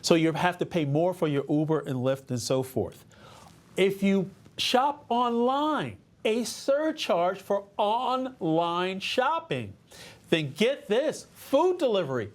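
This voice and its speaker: A woman's voice: medium pitch, very animated, slow, a little mellow. A woman anchoring a cable news show, sardonic and playful as she rattles through a list.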